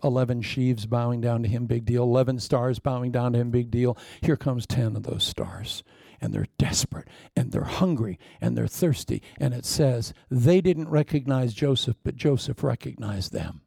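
A man preaching a sermon, telling a story with lively asides, acted-out lines and sound effects. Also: medium pitch, moderate pace, gravelly, no echo.

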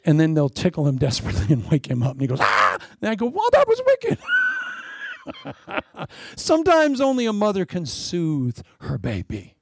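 A middle-aged man preaching a sermon in an animated, preacherly way, with playful asides and laughter. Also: on the high side, fast, creaky, hardly any pauses, no room sound. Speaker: pastor.

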